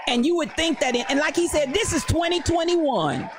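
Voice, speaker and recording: A woman's voice: high-pitched, moderate pace, music in the background. A woman hosting a livestream, ranting about church folk in a fired-up, preachy way, repeating her phrases. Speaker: host. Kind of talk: livestream commentary rant.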